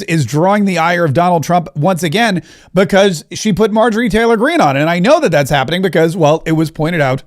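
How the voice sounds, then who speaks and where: A middle-aged man hosting a political podcast, talking in a joking, sarcastic, digressive way. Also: sits high. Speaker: podcast host.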